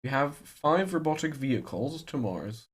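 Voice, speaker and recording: A man's voice: mid-range voice, expressive, normal speed. A man chatting casually on a podcast, playful and rambling, teasing his co-host. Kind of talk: casual chat.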